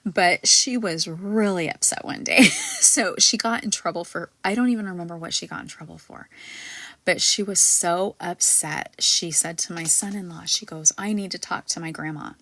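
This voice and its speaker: A woman past middle age who has a granddaughter, hosting a spiritual panel in casual, rambling talk full of ums and likes, sometimes dropping to a soft near-whisper. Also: fairly low pitch, moderate pace, no room sound. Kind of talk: casual live-stream talk.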